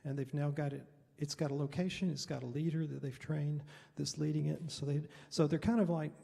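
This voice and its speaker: A man's voice: on the high side, fairly even intonation, a little fast, vocal fry, mellow. A middle-aged man, a Baptist pastor, telling a mission story at a Bible study in a loose, rambling, conversational way. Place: church hall. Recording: reverberant hall.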